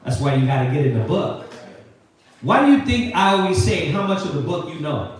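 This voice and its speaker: A man teaching a Sabbath scripture class, preaching in an animated, slangy way and firing questions at the group. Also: on the high side, fairly quick, heavy reverb, far from the mic, rough recording. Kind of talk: call-and-response scripture teaching. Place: classroom or meeting hall with a live group.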